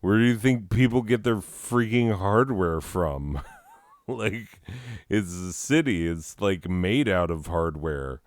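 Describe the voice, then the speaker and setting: A deep-voiced man hosts a comedy show, sarcastically mocking a listener letter and laughing at his own jokes. He riffs in an animated way at a slow pace, with no room sound.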